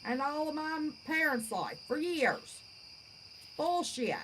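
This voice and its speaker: A high-pitched, sing-song voice with a fairly bright tone delivers slow, outspoken, folksy chatter as this woman reads viewer comments on her livestream. She is the channel host, in her fifties and from West Virginia. The recording is rough, with light background noise.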